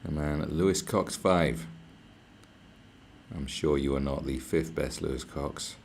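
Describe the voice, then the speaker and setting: Very deep male streamer, casual, sweary, rambling. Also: measured pace, vocal fry, slight background noise. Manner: rambling, profane, chatty. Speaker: live streamer. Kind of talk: casual livestream chat. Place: where he is staying, not his home.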